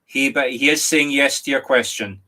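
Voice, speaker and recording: A middle-aged Scottish man, a medium giving a live reading online, speaking gently and apologetically with many restarts and a catch of emotion. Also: medium pitch, steady tone, normal speed. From Scotland. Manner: emotional, near tears at times. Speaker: psychic medium.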